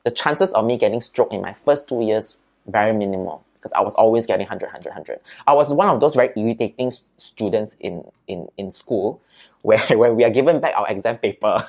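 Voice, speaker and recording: A man with a Singaporean accent, a podcast guest, telling childhood stories in a lively, chatty way and often adding "right?" and "lah". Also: fairly low pitch, fairly quick. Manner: animated storyteller, peppers speech with "right?" and "lah". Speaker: interview guest. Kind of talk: casual storytelling in an interview.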